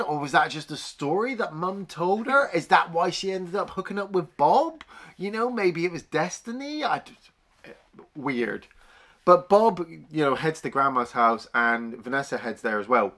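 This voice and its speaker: Male podcast co-host, bright tone, animated recapper who swears freely. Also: fairly high pitch, measured pace. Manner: animated, swears freely, acts out scenes in voices. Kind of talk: casual film review chat.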